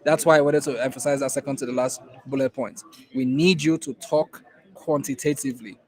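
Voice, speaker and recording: A Nigerian-accented instructor for an innovation program lectures his class in a steady, mid-range voice that is a little mellow and a little fast. The recording quality is low, and he hammers key points home through emphatic repetition.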